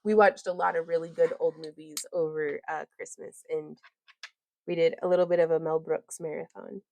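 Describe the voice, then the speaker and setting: A woman's voice: low-pitched, fairly even intonation, normal speed, creaky, a little mellow, dry recording. A woman hosting a casual crafting livestream, rambling, giggling often and reading viewer comments aloud.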